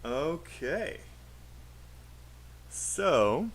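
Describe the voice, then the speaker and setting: A man's voice: a little high, animated, measured pace, fairly bright tone. A man with a British accent teaching a live online IELTS class, patiently drilling sentences aloud and encouraging students.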